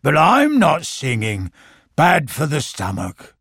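A man voicing a gloomy, suspicious old male donkey with a slow, mournful, husky drawl in a storybook reading. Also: a little high, wildly swooping pitch, fairly bright tone, no echo, clean studio sound, full character voice. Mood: grumbling. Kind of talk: audiobook character voice.

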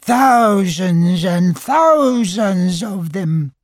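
A man voicing a gentle, honey-loving male teddy bear who speaks slowly and plaintively with a growly voice. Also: sits high, no room sound, clean studio sound, voice pushed up. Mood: excited. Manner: slow, plaintive and simple.

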